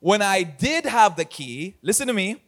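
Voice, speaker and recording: A man's voice: high voice, big pitch swings, normal speed. A man preaching an online church sermon as pastor. He talks energetically to his viewers and often laughs at himself.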